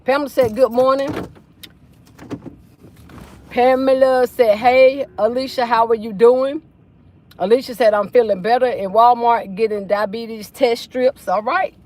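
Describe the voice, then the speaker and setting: A woman's voice: fairly high pitch, steady tone, unhurried, long pauses, darkish tone. A chatty woman hosts a livestream from her car. She reads viewer comments aloud in a folksy, easygoing way. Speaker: livestream host. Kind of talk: casual livestream chat reading comments. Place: inside a car.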